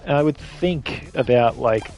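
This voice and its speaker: A man's voice: mid-range voice, unhurried, darkish tone, faint music behind. A man with an Australian accent chatting casually while streaming a game, rambling from point to point and swearing freely. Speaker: gaming streamer.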